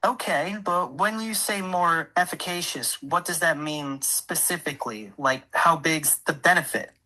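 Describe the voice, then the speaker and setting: AI voice as a low-pitched, bright-toned skeptical woman neurologist, blunt and in a hurry. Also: unhurried, heavily acted, low-quality recording. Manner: blunt, probing questions. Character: brisk female neurologist, busy and skeptical. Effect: AI voice assistant.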